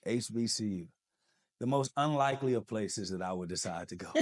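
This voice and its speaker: A man with a fairly low voice speaks briskly as a podcast guest, telling his own story with lots of energy. He animates it by acting out the people in it and their quoted dialogue.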